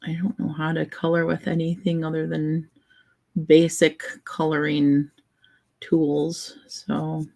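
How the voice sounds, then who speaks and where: A woman vlogger chatting in a relaxed, meandering way, thinking aloud while she colors. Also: sits low, slow pace, vocal fry, low-quality recording.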